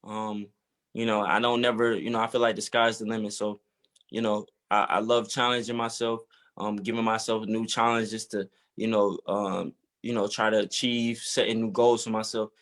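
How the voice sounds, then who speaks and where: A man's voice: on the low side, flat delivery, moderate pace, fairly bright tone. A man from Georgia in the US, a musician answering interview questions hesitantly with many fillers. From Georgia, USA. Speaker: musician guest. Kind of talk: casual interview.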